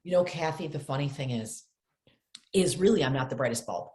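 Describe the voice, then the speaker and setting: A middle-aged woman telling animated stories as a podcast guest, acting out the voices of her family. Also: sits low, fairly quick, reverberant. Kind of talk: casual storytelling interview.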